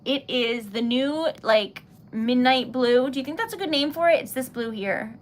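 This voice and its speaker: A young woman hosting a relaxed livestream, chatting casually with viewers as she crafts, rambling and giggling often. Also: high-pitched, normal speed, a little hiss or hum. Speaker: livestream host. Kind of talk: casual chat while crafting.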